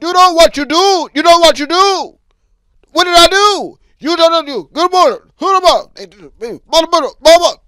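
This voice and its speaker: A man acting out a furious male driver in a road-rage fit, yelling and bleeping out his curses. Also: extremely high pitch, animated, moderate pace, no echo, voice pushed up, heavily acted. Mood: furious shouting.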